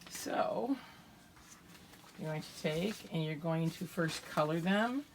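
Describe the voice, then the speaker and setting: Older woman, preschool teacher, slow patient phonics sounding-out, faint room noise. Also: deep voice. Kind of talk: remote phonics lesson for young children.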